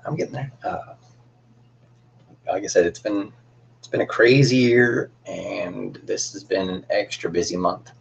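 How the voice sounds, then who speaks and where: A man's voice: deep voice, a little slow, creaky, long pauses, husky. A young man hosting a casual cosplay livestream, chatting in a rambling, friendly way with lots of fillers and restarts.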